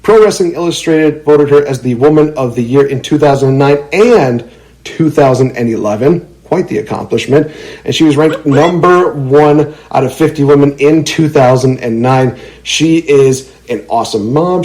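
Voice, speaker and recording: A man's voice: fairly high pitch, moderate pace, a little mellow, rough recording. A young man hosting a podcast, giving playful hype-style guest introductions. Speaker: podcast host.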